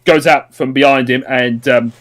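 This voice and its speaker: A man's voice: medium pitch, steady tone, normal speed, a bit bright. A man casually recapping a story on a podcast, rambling with lots of ums, uhs and restarts. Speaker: podcast co-host.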